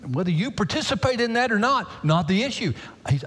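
A man preaching a sermon as pastor, swinging from loud, high pleading to hushed near-whispers. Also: big pitch swings, fast talker, slightly rough. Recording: long hall reverb.

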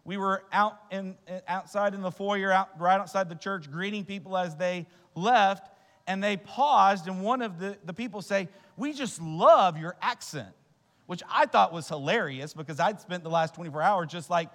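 A man preaches with earnest conviction, asking the congregation question after question. His voice sits high for a man. The sound rings with the long reverb of a church hall. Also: normal speed, a bit bright. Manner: earnest, rhetorical questions, repeats words. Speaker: pastor. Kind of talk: sermon.

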